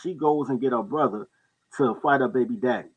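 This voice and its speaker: A man casually telling stories on a talk show, animated and quick to act out the people in them. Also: breathy edge, poor audio. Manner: animated storyteller, jumps into high-pitched voices for others. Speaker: podcast co-host telling stories. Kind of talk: casual storytelling chat.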